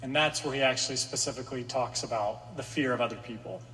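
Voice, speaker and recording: A man's voice: medium pitch, steady tone, quick pace, bright, forceful tone, a little hiss or hum. A man preaching a conversational sermon to a room of listeners, sometimes voicing the psalmist's anxious pleas. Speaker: pastor. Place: room with an audience. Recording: long hall reverb.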